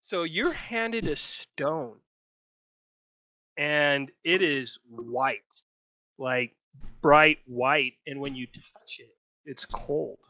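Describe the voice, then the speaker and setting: Bright-voiced playful game master. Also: female voice, deep voice, very slow, pauses often, lo-fi sound. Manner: laughs often, playful narration. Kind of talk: narrating a tabletop game.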